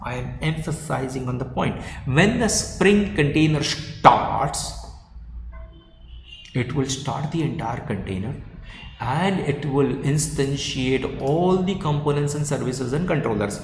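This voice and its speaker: Male software trainer, repetitive and coaxing delivery, faint background noise, long reverb. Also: mid-range voice, moderate pace. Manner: emphatic, repeats points, coaxes replies. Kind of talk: live online coding workshop.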